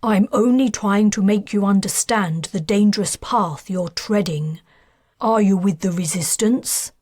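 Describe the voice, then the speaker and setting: Woman narrator plays a firm, controlled man striking a deal; slow and deliberate. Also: high-pitched, darkish tone, no echo, studio quality. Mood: probing. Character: guarded, bargaining upper-class man.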